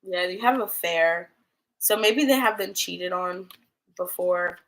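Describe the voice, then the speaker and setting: A young woman reads tarot on a casual livestream in a fairly low, unhurried voice. She's chatty and rambling, leaning heavily on "like" and other fillers.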